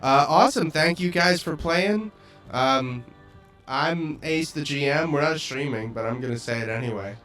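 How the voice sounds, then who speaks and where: A young man running a tabletop game as game master, relaxed and laughing often. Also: on the high side, normal speed, faint music behind.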